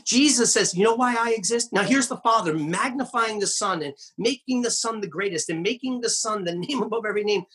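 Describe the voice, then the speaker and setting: Very husky-voiced male pastor preaching. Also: fairly bright tone. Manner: earnest, emphatic preaching with wry asides; slows down and drops low on key phrases. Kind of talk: sermon.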